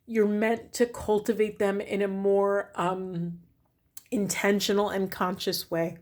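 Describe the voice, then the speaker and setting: A woman's voice: mid-range voice, level tone, slow pace. A woman giving a spiritual tarot reading to camera, thinking aloud in a reflective, earnest way with many fillers. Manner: earnest, pleading with viewers. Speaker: tarot reader.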